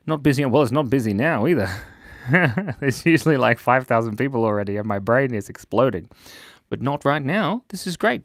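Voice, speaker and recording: A chatty man hosts a laid-back drawing stream and reads his viewers' comments aloud as he goes. His voice swings up and down with animated pitch, sitting at a middle height for a man. The sound is close and dry, with no room echo. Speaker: livestream drawing host. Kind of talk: casual live-stream chat while drawing.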